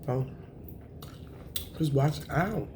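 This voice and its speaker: A woman, chatting to camera on her eating show, emotional and thankful, with a voice that is raspy at times. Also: low-pitched, animated, extremely slow, background noise. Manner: emotional, thankful, says y'all often. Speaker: mukbang vlogger.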